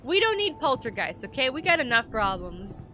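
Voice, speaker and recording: Woman streamer, crisp bright voice, lively reactions and casual swearing, faint music under her. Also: on the high side, moderate pace. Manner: animated, swears freely, jokes and reacts loudly. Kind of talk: live game commentary and reading game text aloud.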